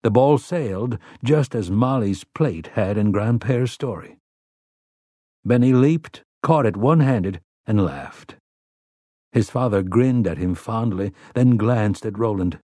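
A man narrating an audiobook in a measured, even delivery on a close mic. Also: fairly low pitch, dry recording. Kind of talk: scripted narration.

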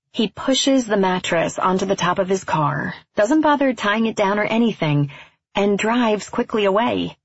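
A woman reading a first-person story aloud in a measured, wryly understated way. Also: fairly low pitch, husky, dry recording, highs cut off. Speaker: narrator.

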